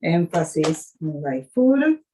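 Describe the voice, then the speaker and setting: A woman chef leading a live cooking demonstration, speaking haltingly with fillers and restarts, an English speaker. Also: sits low, big pitch swings, dark tone, a little hiss or hum, rough recording.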